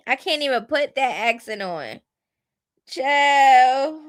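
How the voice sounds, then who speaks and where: A young woman vlogger giving casual gossip commentary, chatty and drawn-out, with frequent ums and asides of "child". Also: sits high, a bit bright.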